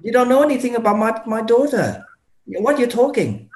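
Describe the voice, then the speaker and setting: A man playing the angry, grieving mother of a patient in a medical role-play, loud and insistent. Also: sits high, lively intonation, moderate pace. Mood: angry, distraught. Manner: loud, insistent, repeating demands. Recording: roomy echo.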